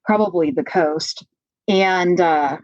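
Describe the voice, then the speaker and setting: A woman's voice: on the low side, takes it slowly, no room sound. A woman from Pennsylvania, a podcast guest telling her own story frankly and with animation. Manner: frank, animated retelling, many fillers. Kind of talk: candid personal storytelling. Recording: slightly dull, dry lo-fi audio.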